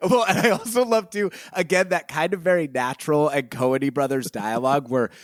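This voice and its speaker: A man's voice: fairly high pitch, moderate pace, dry recording, clean studio sound. A man co-hosting a podcast, talking casually and animatedly about a film and laughing as he retells scenes. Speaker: podcast co-host.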